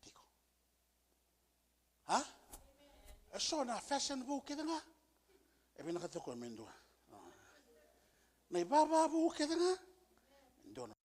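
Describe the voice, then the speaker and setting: A male pastor preaching a sermon with emphasis, repeating key phrases and building to shouted peaks. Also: very high-pitched, wildly swooping pitch, a little slow, long pauses. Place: church service.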